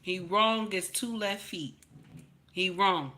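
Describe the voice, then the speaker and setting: Taking her time, a woman with a mid-range voice hosts a commentary channel. She addresses the camera with coarse, outspoken opinions, preaching and repeating points for emphasis until she bursts out loudly, and she often calls her listeners "baby."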